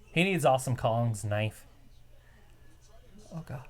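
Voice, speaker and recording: A woman's voice: extremely low pitch, lively intonation, slow pace, darkish tone. A woman co-hosting a casual live reaction chat, giving wry running commentary with trivia asides. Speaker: co-host reacting to a wrestling show.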